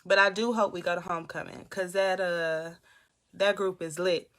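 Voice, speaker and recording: A woman's voice: fairly low pitch, steady tone, moderate pace, fairly bright tone. A young woman hosting a casual live stream from her room, chatting and reading viewers' comments aloud. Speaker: motivational livestream host. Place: home room.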